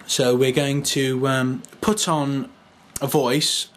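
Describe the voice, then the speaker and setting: A man's voice: medium pitch, little pitch movement, slow pace, a bit bright. Hesitant man explaining casually. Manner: hesitant, lots of ums, self-deprecating. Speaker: video tutorial maker. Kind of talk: casual how-to video.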